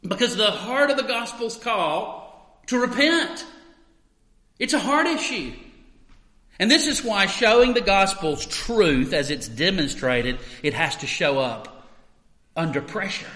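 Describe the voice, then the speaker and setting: Male pastor, fairly high and bright, emphatic sermon delivery, long reverb of a church hall. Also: expressive, unhurried. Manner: emphatic, swinging between loud stresses and quiet asides. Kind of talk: expository sermon.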